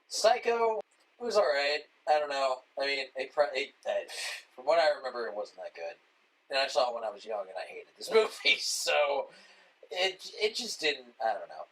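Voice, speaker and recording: Lively man in casual swearing chat. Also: medium pitch, husky, low-quality recording. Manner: swearing, joking, mimics others in short bits. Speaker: podcast co-host.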